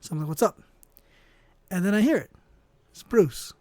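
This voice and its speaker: A man's voice: high voice, expressive, a little fast, dark tone, no room sound. A man telling a casual comedic story while he draws, rambling and offhand, often trailing off with "I don't know.". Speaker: storyteller and artist.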